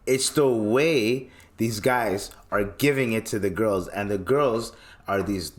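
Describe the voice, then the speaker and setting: A man's voice: on the low side, takes it slowly. A young man with a Toronto accent rants solo on his podcast, exasperated and profane. He mocks what he is describing and swears freely as he talks. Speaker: podcast host. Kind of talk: ranting solo podcast monologue.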